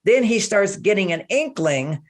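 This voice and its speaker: An older man, a relationship author, talking casually in an interview, animated and acting out quoted speech. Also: high voice, normal speed.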